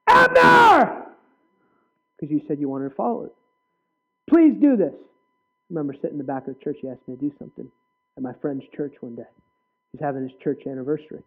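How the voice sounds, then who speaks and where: A male preacher giving an earnest personal testimony in a sermon, with sudden loud bursts. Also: medium pitch, steady tone, fast, breathy edge. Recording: tinny phone-like sound.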